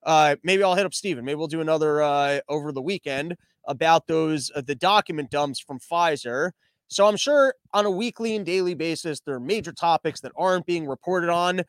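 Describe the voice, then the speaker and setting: A young man with a high, light voice talks loosely through news headlines as a podcast host. He is sarcastic and profane and breaks into mocking put-on voices. The sound is dry and close, with no room around it. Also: moderate pace, dry recording. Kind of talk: casual commentary on news headlines.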